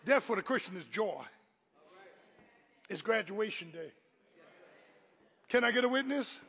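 A man preaching a sermon as pastor, with call-and-response lines, swinging from quiet talk to shouted peaks. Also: high voice, expressive, measured pace, breathy edge, big-room sound.

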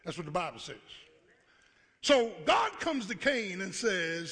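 A pastor preaching a call-and-response sermon, acting out God's voice and rising to shouts. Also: male voice, high-pitched, big pitch swings, measured pace, vocal fry. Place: church sanctuary. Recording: live church hall with long reverb.

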